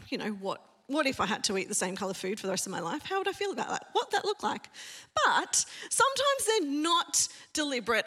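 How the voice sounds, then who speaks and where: A woman's voice: high-pitched, sharp tone. A woman pastor giving a sermon in a church, chatty and self-mocking, telling funny stories to the congregation.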